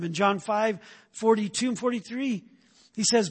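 A man's voice: sits high, normal speed, slightly rough, in a large hall. A male pastor preaching a sermon, emphatic, often tagging his points with "right?".

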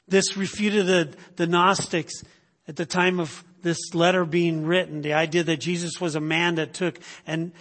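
Husky high-voiced preacher in a hall. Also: male voice, little pitch movement, normal speed, a bit bright. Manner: emphatic, repeats phrases, tags lines with "right?". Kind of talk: sermon. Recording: long reverb of a hall.

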